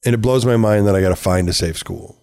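A man's voice: lowish voice, quick pace, a little mellow. Candid, profane middle-aged man. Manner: candid, profane, self-mocking, laughs often. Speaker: parent telling a story. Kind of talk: casual conversation, storytelling.

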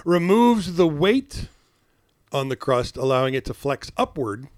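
A man hosting a news-comedy podcast, chatting casually and reading news with wry deadpan asides. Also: a little high, a little slow, no echo, studio quality. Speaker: podcast host.

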